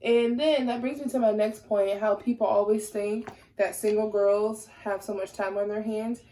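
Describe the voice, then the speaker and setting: A woman's voice: mid-range voice, fairly even intonation, moderate pace, warm tone. Sassy young woman chatting while doing makeup, blunt, kinda roomy echo. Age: young adult. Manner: sassy, candid, gets heated. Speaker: lifestyle vlogger.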